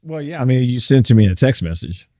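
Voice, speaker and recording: A man co-hosting a casual podcast. He speaks in a matter-of-fact, low-key way. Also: big pitch swings, very fast, dark tone, no room sound, clean studio sound. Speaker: podcast co-host. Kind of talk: casual podcast chat over a call.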